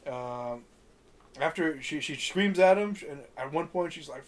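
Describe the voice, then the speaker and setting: A man with a slightly high voice chats through a film recap on a podcast. He rambles with many fillers and curses casually as he goes. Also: expressive, measured pace. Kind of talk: casual profane podcast chat.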